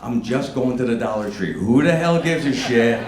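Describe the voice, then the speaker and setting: A man doing a stand-up routine, ranting with profanity, swinging between low mutters and near-shouts. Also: animated, moderate pace, crowd noise. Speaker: stand-up comedian. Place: comedy club stage with audience laughter. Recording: echoey live room with faint noise.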